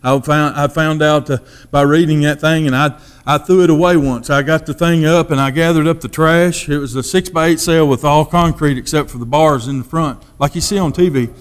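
A man giving his testimony as a sermon, in a folksy storytelling manner that drops to a hush for quoted thoughts. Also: a little high, moderate pace, hardly any pauses, clean tone.

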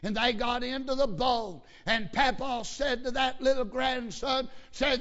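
A man preaching a sermon, telling a story that builds into loud, emphatic preaching. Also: extremely high pitch, fairly even intonation, unhurried, few pauses. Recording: lo-fi sermon recording.

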